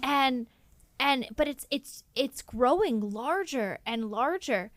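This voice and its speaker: A woman narrating an improvised story on a podcast in an animated way, halting and restarting often. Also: sits high, dry recording.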